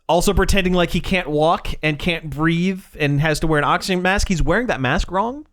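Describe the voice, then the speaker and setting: A man's voice: on the high side, brisk. Chatty male podcast co-host. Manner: relaxed, chatty, with frequent restarts. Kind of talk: casual chat.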